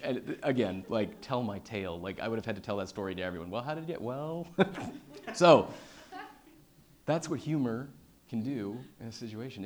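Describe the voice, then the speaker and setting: A man giving a personal storytelling talk on stage. He swings between loud, excited telling and hushed, quiet passages, with many fillers and repeated starts. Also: lowish voice. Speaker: public speaker.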